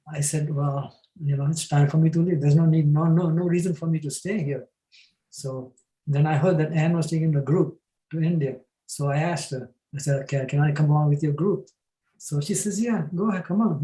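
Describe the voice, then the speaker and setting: An older man from New Jersey, a panelist, telling a long personal story in a relaxed, anecdotal way with chuckles. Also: on the high side, normal speed, roomy sound, low-quality recording.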